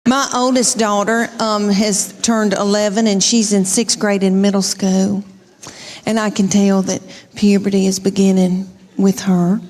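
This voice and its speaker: A woman's voice: mid-range voice, little pitch movement, a little slow, darkish tone, long reverb tail. A middle-aged woman doing stand-up comedy, telling family stories in a chatty, drawling way. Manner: chatty storytelling with drawled asides. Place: comedy stage with live audience.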